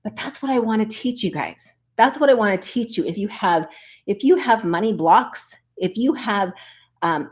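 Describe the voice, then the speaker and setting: A woman who coaches online business, talking to her viewers in an earnest, chatty way and often calling them "you guys". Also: mid-range voice. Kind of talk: casual motivational vlog talk.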